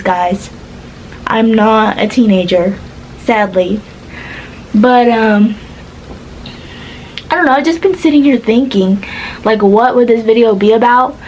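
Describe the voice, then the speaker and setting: A woman's voice: on the high side, measured pace, pauses often, darkish tone, slight background noise, poor audio. Chatty young woman rambling from bed. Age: 20s. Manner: chatty and meandering, many fillers. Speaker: vlogger. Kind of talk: casual rambling chat to camera. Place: in her bed at home. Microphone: camera or phone.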